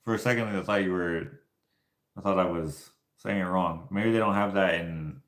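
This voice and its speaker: Canadian male YouTuber, low voice, loose rambling anecdotes in a roomy space. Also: moderate pace, fairly bright tone. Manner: rambling, laughs often. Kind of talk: casual storytelling to viewers. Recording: echoey room.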